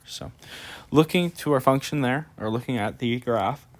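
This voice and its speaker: In this screen-recorded math lesson, a male teacher speaks at a moderate pace in a mid-range voice. He walks through calculus step by step as he writes, relaxed, drowsy, and yawning now and then.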